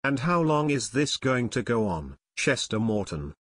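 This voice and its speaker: A man's voice: medium pitch, big pitch swings, measured pace, fairly bright tone, no room sound, studio quality. A man voicing a stern older aunt who questions a boy sharply. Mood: demanding. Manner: stern and demanding.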